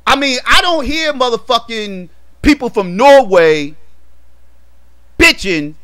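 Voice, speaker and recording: A man giving a heated, profane rant in a movie review vlog, repeating himself emphatically and building to shouts. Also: high-pitched.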